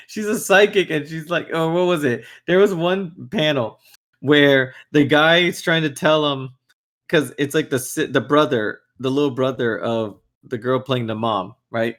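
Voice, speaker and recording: A young man co-hosting a podcast in casual chat, animated, swearing a lot and laughing often. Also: on the high side, measured pace. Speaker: podcast co-host.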